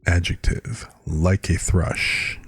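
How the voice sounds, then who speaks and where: A man's voice: deep voice, level tone, slow, husky, no echo, soft background music. A man streaming live, chatting casually with viewers and reading out words with their definitions.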